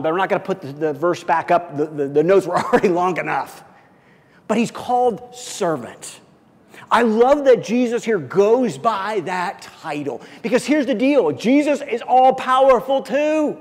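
High-voiced man preaching in a reverberant hall. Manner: emphatic, rising loud then dropping soft. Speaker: pastor. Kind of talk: sermon.

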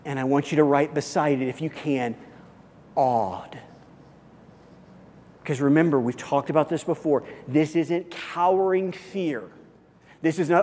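A man's voice: on the high side, a little slow, long pauses, a little mellow. A male pastor preaching a sermon in an earnest, emphatic way, repeating key phrases. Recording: long hall reverb.

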